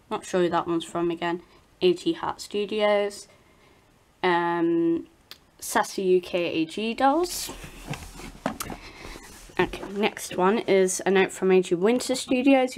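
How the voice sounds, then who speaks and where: Hesitant British woman reading fan mail. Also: medium pitch. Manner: hesitant, apologetic, stumbles on names. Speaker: doll channel host. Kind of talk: reading fan messages aloud.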